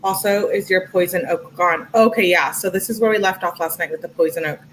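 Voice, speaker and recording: A woman's voice: fairly low pitch, brisk, fairly bright tone, slight background noise, rough recording. A young woman casually reading text messages aloud on a livestream, adding her own comments as she goes. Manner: chatty, reads quotes aloud with commentary asides. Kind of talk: casual livestream read-through.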